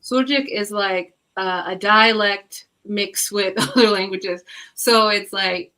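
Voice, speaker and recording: A woman telling stories in a casual chat, animated and laughing, with many fillers. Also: medium pitch, slow pace. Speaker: book club guest.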